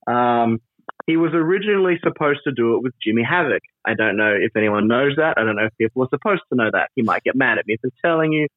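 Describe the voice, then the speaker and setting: A man being interviewed about his wrestling persona, animated and rambling, laughing often and full of fillers. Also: medium pitch, quick pace, no room sound. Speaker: wrestler and trainer, interview guest. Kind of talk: casual interview over a call. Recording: tinny phone-like line, dry.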